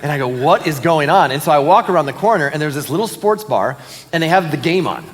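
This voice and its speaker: A man's voice: a little high, quick pace, big-room sound. A man, a pastor giving casual announcements and stories in a church service. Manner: casual, animated storyteller with fillers and laughs. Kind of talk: sermon announcements and storytelling. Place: church auditorium.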